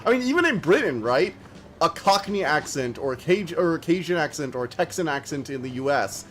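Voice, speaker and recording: A man streaming a game, chatting casually and rambling, talking fast and slurring his words together. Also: fairly high pitch, big pitch swings, a bit bright, a little hiss or hum. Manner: chatty and rambling, many fillers. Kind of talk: casual live-stream chat while gaming.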